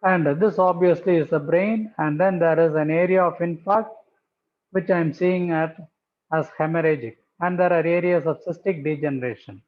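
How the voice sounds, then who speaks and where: A man's voice: on the high side, moderate pace. A man giving a methodical pathology lecture over slides, repeating key terms for emphasis. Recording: tinny phone-like audio.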